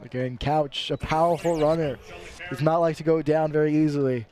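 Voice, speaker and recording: A man's voice: fairly high pitch, fairly even intonation, moderate pace, darkish tone. A man giving casual color commentary on a live college football game, often repeating words as he talks. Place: outdoor football stadium broadcast booth.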